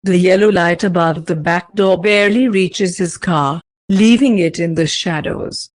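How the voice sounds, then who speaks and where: A woman reading fan fiction aloud as narrator, in slow, even storytelling. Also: fairly low pitch, no room sound.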